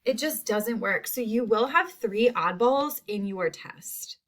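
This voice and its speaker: A woman teacher giving a recorded spelling lesson to young students, saying each word slowly and clearly. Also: on the high side, lively intonation, a bit bright. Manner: slow, clear word-by-word enunciation.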